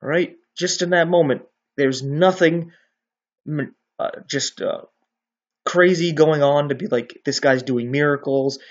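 A man teaching from the Bible in a relaxed, conversational way, often checking in with "right?". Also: fairly high pitch, measured pace, lo-fi sound.

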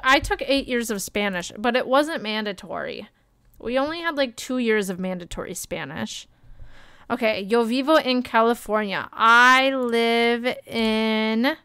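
A young woman streaming, chatting casually and joking at her own expense while she thinks out loud. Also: a little high, measured pace, clear, resonant tone, no room sound. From Canada. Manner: chatty and self-mocking, thinking aloud. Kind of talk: casual live-stream chat.

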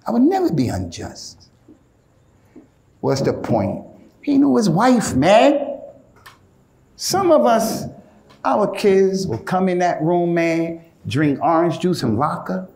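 A male preacher giving an informal, animated sermon in casual street slang, often calling his listeners "man". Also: on the high side, echoey room.

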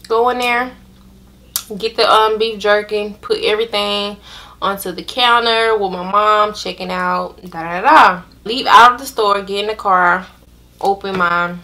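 A young woman, telling a storytime to her viewers in an animated, drawn-out way. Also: medium pitch. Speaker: vlogger. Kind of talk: casual storytime chat.

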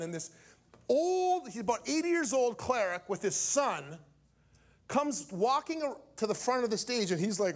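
A male preacher telling a story from the pulpit in an animated way, acting out each character's lines. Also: very high voice, a little fast. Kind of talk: storytelling sermon.

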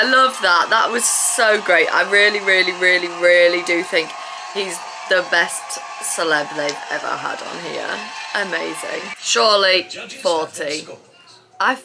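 A woman giving an excited, casual reaction commentary as a dance vlogger, gushing, gasping and exclaiming as she watches. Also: on the low side, moderate pace. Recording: music playing loudly behind her.

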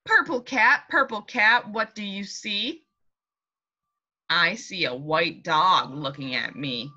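Teacher woman, young adult, slow sing-song read-aloud for little kids, bright clear tone, slightly dull home-video sound. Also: lowish voice. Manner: sing-song, warm and encouraging, speaking slowly and clearly to small children. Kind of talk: reading a picture book and leading a class meeting for young children.

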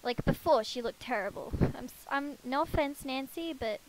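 Woman gamer on a headset, high-pitched voice, casual self-deprecating commentary. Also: normal speed, a little hiss or hum, poor audio. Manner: chatty, self-deprecating, talks to her game characters. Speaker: let's play gamer.

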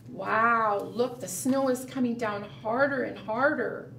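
A woman librarian reading a picture book aloud at a preschool storytime, gentle and sing-song, asking the children questions. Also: fairly high pitch, takes it slowly, gravelly, few pauses, echoey room, recorded from a distance, a little hiss or hum.

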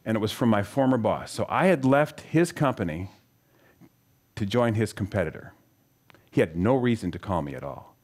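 A middle-aged man with a somewhat low voice gives a conversational Bible teaching. He tells stories from his own life and turns to his listeners with questions, earnest and direct. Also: very animated, moderate pace, a little mellow. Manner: asks the audience questions, storytelling, earnest. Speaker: speaker teaching scripture.

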